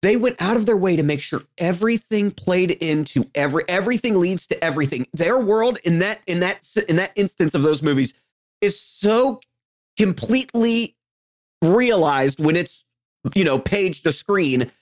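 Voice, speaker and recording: Picture a speaker gushing about favorite movies in a loose, rambling conversation. The voice swings widely in pitch, climbing and dipping as the excitement builds, and the speaker curses now and then for emphasis. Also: normal speed. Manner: enthusiastic, rambling, swears for emphasis. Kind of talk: casual movie chat.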